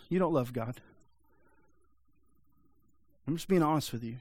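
A man's voice: medium pitch, animated, measured pace, long pauses, dry recording. A man preaching a sermon, pressing his listeners with repeated rhetorical questions in a direct, urgent manner. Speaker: pastor.

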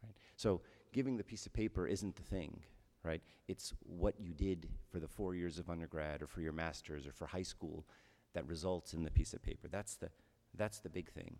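Man, priest, conversational homily, very low voice, long reverb. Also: fairly even intonation, normal speed, creaky, hardly any pauses, a little mellow. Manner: conversational, often tags with "right?".

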